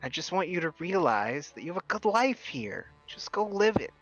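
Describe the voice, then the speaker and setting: A man voicing a gentle dead fiance who has come back as an angel, speaking tenderly and reassuringly. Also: sits high, big pitch swings, normal speed, lo-fi sound, soft background music, voice pushed up, heavily acted.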